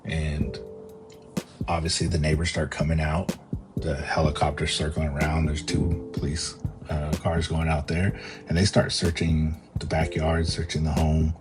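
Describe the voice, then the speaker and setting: A young man telling a personal story as a vlogger, halting and repeating himself with many fillers. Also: a bass voice. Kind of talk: storytelling monologue.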